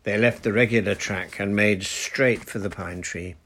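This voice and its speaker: A man reading a children's adventure story aloud in a measured storytelling manner. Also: on the low side, steady tone, fairly bright tone. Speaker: audiobook narrator. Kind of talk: storybook narration.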